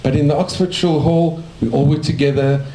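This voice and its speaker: A man's voice: on the high side, fairly even intonation, brisk, warm tone. A man in his sixties from South Africa, a dentist telling his life story in a cafe in a rambling, anecdotal way. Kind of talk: casual storytelling to a small audience. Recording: echoey cafe room.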